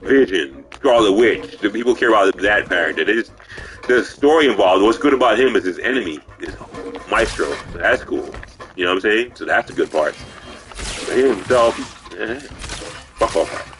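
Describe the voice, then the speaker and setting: Low-voiced man ranting over gameplay. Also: expressive, normal speed, fairly bright tone, slight background noise. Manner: profane, rambling ranting. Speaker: game streamer. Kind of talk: live gameplay commentary.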